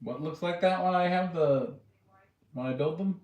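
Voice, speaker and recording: A man's voice: fairly high pitch, normal speed, a little mellow. A man hosting a casual live stream, talking in a rambling way with many fillers and restarts. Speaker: livestream host and drone builder. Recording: roomy echo.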